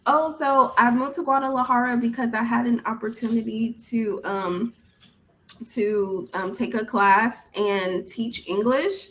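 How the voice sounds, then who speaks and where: Brief: young female English tutor, unhurried, friendly corrections, video-call sound. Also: fairly high pitch, fairly even intonation, a little hiss or hum, low-quality recording. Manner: patient, gently correcting, laughs often. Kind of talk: casual online tutoring chat.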